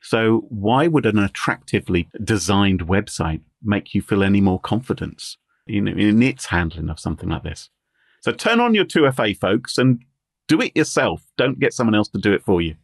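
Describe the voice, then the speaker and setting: A man co-hosting a casual podcast chat, animated and laughing between points. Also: on the low side, normal speed, slightly rough, no echo, studio quality. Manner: animated, chuckling asides. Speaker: guest co-host.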